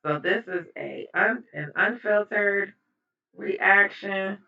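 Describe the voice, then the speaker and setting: A woman's voice: mid-range voice, slow, creaky. A woman hosting her own reaction channel, chatting casually and repeating herself as she opens a video. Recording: roomy, distant, dull sound.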